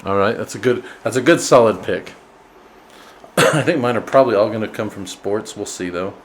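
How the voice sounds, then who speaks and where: A man co-hosting a podcast, talking in a relaxed, agreeable way with frequent asides. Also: fairly low pitch, normal speed, slight background noise. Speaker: podcast co-host. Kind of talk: casual chat.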